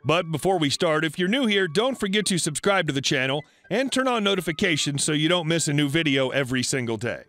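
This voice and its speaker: A man narrating online stories in a scripted reading, with lively delivery. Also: on the high side, a little fast, hardly any pauses. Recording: faint background music.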